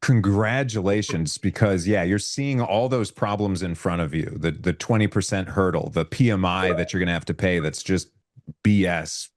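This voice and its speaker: A middle-aged man hosting a live video call, telling an animated story. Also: low voice, normal speed. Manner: animated, imitates voices when retelling. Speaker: podcast host.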